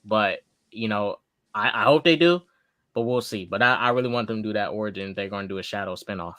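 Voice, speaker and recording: Casual male co-host, bright voice, dry close mic, loose and joking. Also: fairly low pitch, fast talker, dry recording. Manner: rambling, joking, loose and laid-back. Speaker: co-host of a fan reaction show. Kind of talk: casual chat.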